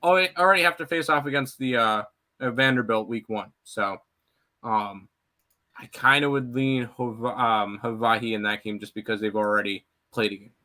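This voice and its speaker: Man, betting analyst, forceful bright tone, blunt, filler words. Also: mid-range voice. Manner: quick, blunt picks with fillers. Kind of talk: casual sports betting chat.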